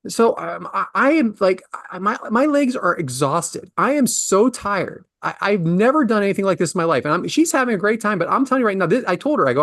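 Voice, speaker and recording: A man in his forties tells a story in a ranting, exasperated way, his pitch leaping from low mutters to high outbursts. The sound is close and dry, with no room around it. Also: sing-song, a little fast, few pauses, a bit bright, dry recording. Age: 40s. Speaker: podcast host. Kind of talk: casual storytelling.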